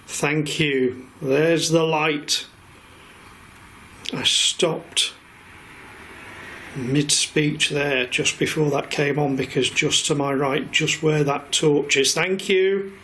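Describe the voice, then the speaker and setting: Guy ghost hunting solo in a pub cellar, high voice, coaxing spirits quietly, hum of the air con behind. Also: fairly even intonation, takes it slowly, poor audio. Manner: calls out to spirits, coaxing and hushed. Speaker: paranormal investigator. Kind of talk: solo ghost-hunt narration. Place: pub cellar with beer kegs. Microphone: self-filmed camera mic.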